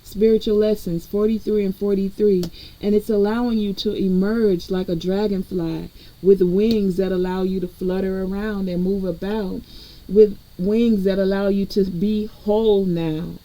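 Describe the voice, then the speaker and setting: A woman's voice: medium pitch, steady tone, a little slow, warm tone, poor audio. A woman energy reader giving a collective spiritual reading in a conversational way, talking straight to her viewers. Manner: conversational, addresses viewers directly.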